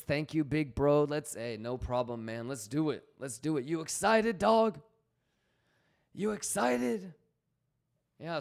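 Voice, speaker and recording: A man's voice: medium pitch, smooth. A man hosting a casual trading livestream, slangy and swearing freely as he reads out chat messages.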